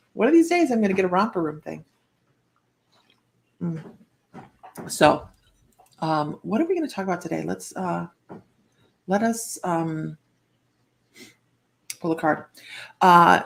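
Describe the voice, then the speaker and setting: A woman with a gravelly, fry-edged voice hosts a psychic reading stream in loose, rambling chat. She greets viewers one by one. A faint hiss sits under the recording. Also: on the low side. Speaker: psychic reader hosting a live stream. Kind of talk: casual live-stream chat.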